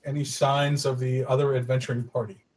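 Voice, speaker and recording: A man taking his turn at a tabletop game, casual and stop-and-start as he decides what to do. His voice sits at an ordinary middle pitch. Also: level tone, brisk, darkish tone, slightly rough, rough recording. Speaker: player.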